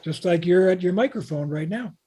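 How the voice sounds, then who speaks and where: A man's voice: high-pitched, expressive, fairly quick, dark tone, slightly rough. An older man from Canada, a guest author in an interview, telling long anecdotes in a rambling way with restarts. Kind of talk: casual interview talk.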